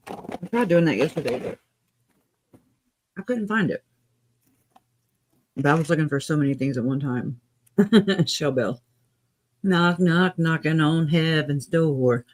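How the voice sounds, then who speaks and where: A man hosting a live stream in a casual, chatty way, chuckling often and talking with his mouth full. His voice sits a little high and he takes his time. He sounds relaxed, unhurried and loose.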